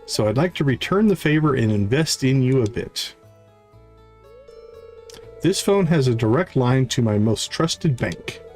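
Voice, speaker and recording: A man reading the lines of a kindly, well-meaning old grandmother, pitching his voice a little higher. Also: animated, unhurried, long pauses, darkish tone, soft background music, natural voice. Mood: gracious.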